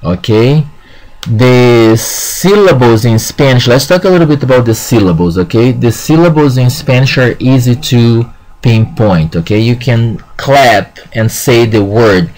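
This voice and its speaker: A man teaching a Spanish lesson who talks slowly, says "okay" often and sounds out words with care. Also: medium pitch, lively intonation, darkish tone. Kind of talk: classroom lesson.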